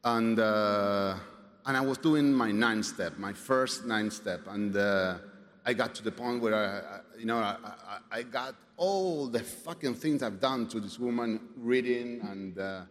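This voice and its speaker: A man sharing his personal story at a recovery meeting, halting, with many fillers, restarts and swearing, and some wry humor. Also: fairly low pitch, a bit bright. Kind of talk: personal testimony. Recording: reverberant hall, faint background noise.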